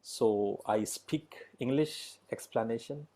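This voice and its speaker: A middle-aged man leading an online yoga class, speaking slow, halting English with many pauses and fillers. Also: medium pitch, warm tone. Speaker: yoga teacher.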